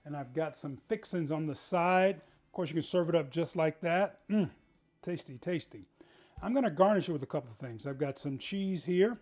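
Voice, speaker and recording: A man hosting his own cooking show, chatting in a folksy, relaxed way to viewers at home as he cooks and serves food. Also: fairly high pitch, normal speed. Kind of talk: casual cooking demonstration.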